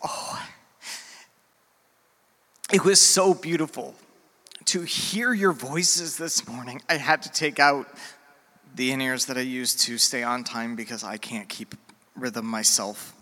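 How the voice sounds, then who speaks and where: A middle-aged man preaching a sermon as a pastor, earnest and heartfelt, with pauses and fillers. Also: medium pitch, sharp tone. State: emotional, near tears. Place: church sanctuary. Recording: church hall with long reverb.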